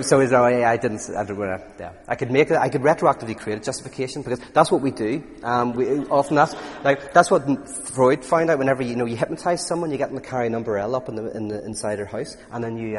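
A man with a thick Irish accent gives a lecture and takes audience questions. He talks in an animated, digressive way and laughs at himself. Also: medium pitch, fast, hardly any pauses, long reverb tail.

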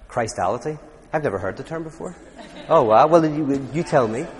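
An Irish man lecturing to a room and fielding questions. He talks in an animated, rambling way and laughs at himself. His mid-pitched voice rings with the long reverb of a hall. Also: brisk. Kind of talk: lecture with audience Q&A.

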